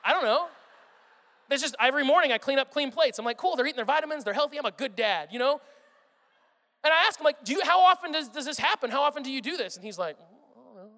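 A man in his thirties preaching a sermon, telling animated family stories and acting out his children's voices. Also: very high voice, quick pace. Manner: animated storytelling, acts out his kids' voices. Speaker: pastor. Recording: reverberant hall sound.

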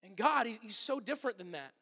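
A man in his thirties preaching a conversational sermon as a pastor, animated and acting out little everyday scenes. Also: high-pitched, fast talker, creaky, breathy edge, in a large hall.

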